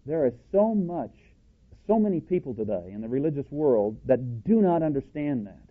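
A man preaching a sermon, speaking emphatically and slowing down to read out quotations. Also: medium pitch, sing-song. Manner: emphatic, slows down to read quotes. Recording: tinny phone-like audio.

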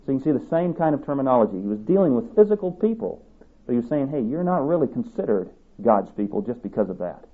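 A man's voice: medium pitch, big pitch swings, fast talker. A man preaching a sermon, reading scripture aloud and driving his points home with emphatic repetition. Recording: tinny phone-like sermon tape.

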